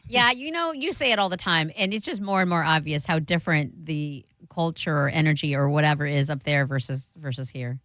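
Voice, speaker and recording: A woman's voice: low voice, brisk, hardly any pauses, a bit bright, dry recording. A woman co-hosting on the radio, chatting casually and giving her opinions directly. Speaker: radio co-host. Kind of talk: casual radio show banter.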